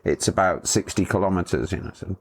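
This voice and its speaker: Man, very low voice, middle-aged, chatty guest, rambling anecdotes with restarts. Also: fairly quick, slight background noise. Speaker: motorcycle tour company owner, guest. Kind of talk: casual storytelling interview.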